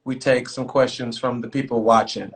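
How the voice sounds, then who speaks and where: A man hosting a casual live-streamed talk show, talking loosely with lots of fillers and shout-outs to viewers. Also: medium pitch, flat delivery, normal speed. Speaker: podcast host.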